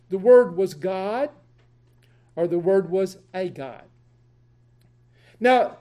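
High-voiced, slow-talking male Bible teacher. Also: dark tone. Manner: deliberate, explanatory, repeats for emphasis. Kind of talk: Bible study lesson.

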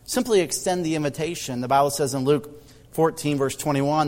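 A male pastor telling stories in a sermon, often halting and repeating words. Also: fairly high pitch, darkish tone, big-room sound. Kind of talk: sermon storytelling.

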